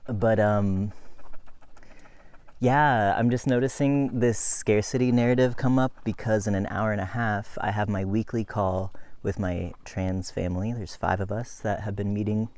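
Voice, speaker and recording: A man's voice: fairly low pitch, fairly even intonation, measured pace, a little mellow. A man talking to his camera while cycling uphill outdoors, chatty, laughing and out of breath. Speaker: cycling vlogger. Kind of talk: casual vlog while riding. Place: outdoors, riding a bike uphill. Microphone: phone camera held while cycling.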